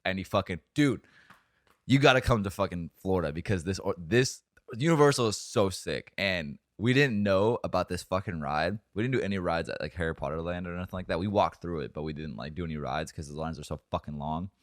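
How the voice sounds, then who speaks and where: A man's voice: sits low, brisk, no echo, studio quality. A young man co-hosting a podcast, telling a long story in a rambling, profane, casual way full of fillers. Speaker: podcast co-host.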